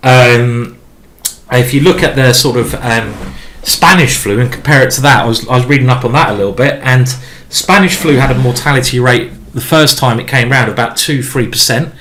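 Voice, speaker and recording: A man's voice: medium pitch, fairly quick, fairly bright tone. A man streaming a chess game live. He thinks aloud in a chatty, rambling way with many restarts as he explains his moves.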